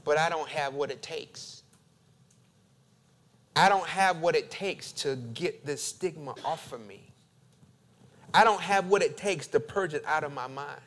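A male pastor preaching a sermon, building emphatic repeated phrases and then dropping to quiet, confessional tones. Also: a little high, measured pace, pauses often. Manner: emphatic preaching with dramatic repetition.

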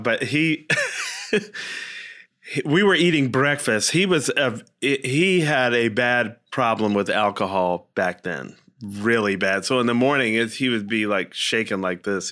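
A man's voice: mid-range voice, lively intonation, a little slow, sharp tone. A man co-hosting a casual talk, telling a story and acting out the quotes with big jumps in his voice.

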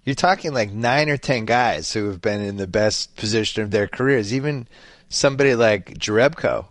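A man hosts a casual sports chat on a dry, close studio mic. His voice sits on the low side, and he rambles and piles on fillers as he gets animated. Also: normal speed, no room sound. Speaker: podcast host.

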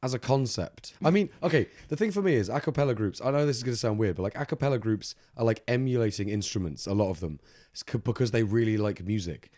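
A man co-hosting a podcast in casual chat, jokey and quick to laugh. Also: on the low side, animated, dark tone, dry recording, studio quality. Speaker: podcast co-host.

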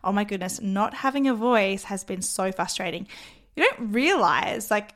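A woman hosting her own podcast, her voice croaky after losing it, talking in an open, chatty way. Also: mid-range voice, expressive, unhurried, fairly bright tone. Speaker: podcast host. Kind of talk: casual solo podcast talk.

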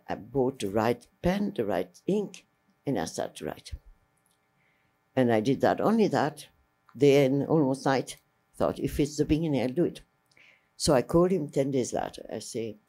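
An older woman with a very deep, warm voice recalls stories as a filmmaker being interviewed. French is her native tongue; she drifts from tangent to tangent with liveliness, cutting herself off mid-phrase and mimicking what people said.

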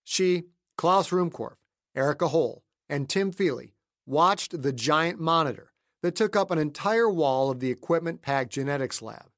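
A man reading his own novel aloud as the narrator, in a measured and steady storytelling delivery. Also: a little high, dry recording, studio quality. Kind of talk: scripted audiobook narration.

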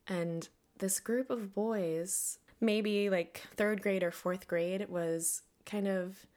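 A woman hosting a podcast, talking earnestly and reflectively, now and then laughing softly. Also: medium pitch, fairly even intonation, slow. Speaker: podcast host. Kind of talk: personal monologue.

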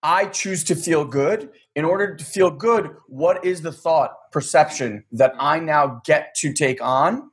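A man's voice: a little high, measured pace, few pauses. A man telling a story in casual chat, acting out the dialogue and swearing casually. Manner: animated, acts out quoted dialogue, swears casually.

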